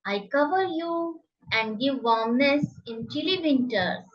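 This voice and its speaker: A woman teaching a children's phonics lesson, enunciating each word slowly and carefully in a sing-song drill. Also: high-pitched, lively intonation, far from the mic, lo-fi sound.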